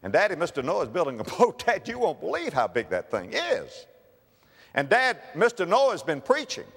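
A man doing an excited little boy. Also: high-pitched, moderate pace, husky, big-room sound, full character voice. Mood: eager. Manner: breathless, eager pleading. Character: excited little boy telling his dad news.

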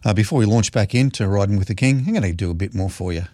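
A man's voice: fairly low pitch, fast, dark tone, dry recording, studio quality. A man hosting a local radio show, introducing a clip in a chatty, hesitant way. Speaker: community radio host. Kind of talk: casual radio presenting.

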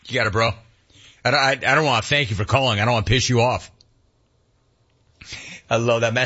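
A man in his fifties hosting a call-in talk radio show, ranting with animated energy and mocking voices. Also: a little fast, pauses often, breathy edge, lo-fi sound. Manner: animated ranting, mocks cheerful clerks in a high voice. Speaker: radio talk show host taking calls.

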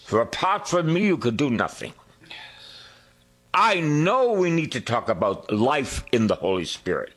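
A man preaching a sermon, drawing out his words, singing a hymn line and dropping to hushed whispers. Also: medium pitch, very animated, breathy edge. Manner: slow, drawn-out preaching with sung lines and hushed whispers.

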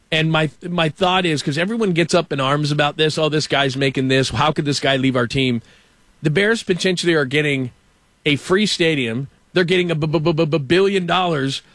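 Animated man ranting about sports. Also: a little high, no room sound. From Los Angeles. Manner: animated, ranting, mock quoting. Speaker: show host. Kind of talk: casual sports talk.

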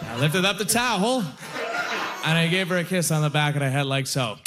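Slightly high-voiced man doing stand-up. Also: animated. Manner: conversational, self-deprecating storytelling with punchline pauses. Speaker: stand-up comedian. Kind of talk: stand-up comedy set. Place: comedy club stage with audience.

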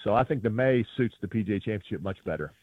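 A man's voice: on the low side, quick pace, husky, no echo. A man, a golf reporter, telling stories in a phone-in radio interview and acting out the voices he quotes. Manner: animated storyteller, acts out quoted voices. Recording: tinny phone line.

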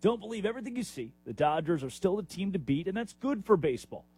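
Animated, husky-voiced sports radio host. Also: male voice, sits high, fast. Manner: animated, opinionated, emphatic with sudden rises. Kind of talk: sports talk radio monologue.

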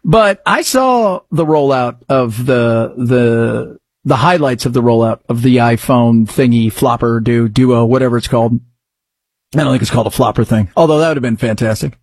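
A man's voice: mid-range voice, husky, no room sound. A man hosting a radio talk show, chatting casually and jokingly about sports and news. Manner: chatty, rambling, jokey.

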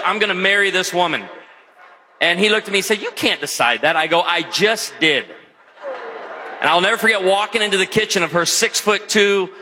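A man in his forties giving a humorous live talk, energetic and joking, often shouting punchlines. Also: sits high. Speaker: speaker. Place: large hall with live audience. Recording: echoey hall, faint noise.

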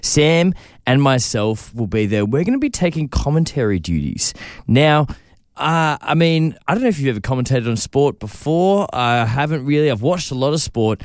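A man hosts a radio show, trading playful, self-mocking jokes. His pitch swings widely and lively, and the sound is dry and close to the mic. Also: moderate pace, no echo. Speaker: radio host. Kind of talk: breakfast radio banter.

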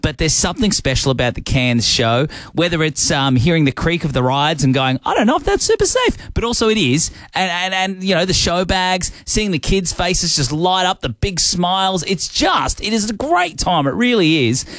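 A man's voice: a little high, lively intonation, moderate pace, few pauses, fairly bright tone, no echo. An Australian man hosting a breakfast radio show, chatty and upbeat with playful asides, on a studio microphone. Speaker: radio host.

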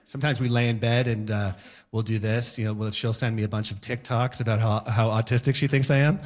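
A man performing a stand-up comedy set, animated and breaking into sudden loud outbursts as he acts out scenes. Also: mid-range voice, fairly quick. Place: comedy club stage before a live audience.

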